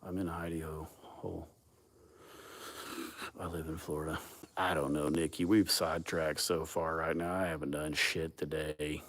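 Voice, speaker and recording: A man's voice: very deep voice, little pitch movement, moderate pace, fairly bright tone, slight background noise. A man, hosting a casual live chat and telling rambling, profane stories with frequent laughter. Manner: profane, laid-back, laughs often. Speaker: livestream host.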